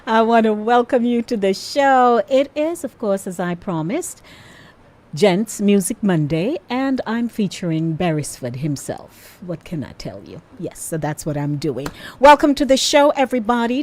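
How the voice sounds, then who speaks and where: A woman's voice: mid-range voice, animated, moderate pace, darkish tone. A woman hosting a radio show, chatting playfully and talking straight to her listeners. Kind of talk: casual radio chat.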